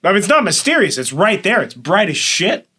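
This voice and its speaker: A man's voice: sits high, big pitch swings, a little fast, bright, forceful tone, breathy edge. A man co-hosting a casual podcast chat, rambling and joking with frequent swearing. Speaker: podcast co-host.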